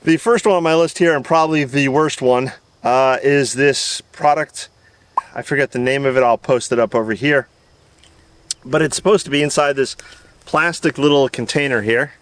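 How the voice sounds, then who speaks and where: A man's voice: medium pitch, normal speed, clean tone, distant mic. A man from the American South hosting a gardening channel, talking casually outdoors in his garden with a rambling, self-deprecating manner and frequent chuckles. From Southern United States. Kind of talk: casual outdoor video talk.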